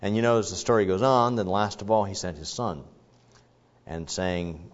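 A man preaching a conversational sermon, now and then rising to animated rhetorical questions. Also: low-pitched, moderate pace. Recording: dull, reverberant hall sound.

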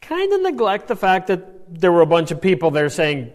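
A man giving a Bible study lecture in an animated way, often checking in with "right?". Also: sits high, normal speed, long reverb tail. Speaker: Bible teacher.

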